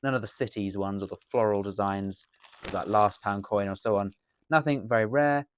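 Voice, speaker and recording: A man's voice: lowish voice, normal speed, slight background noise. An English man chatting through a coin unboxing as a dealer, rambling and correcting himself as he goes. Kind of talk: casual unboxing commentary. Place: indoors at a table.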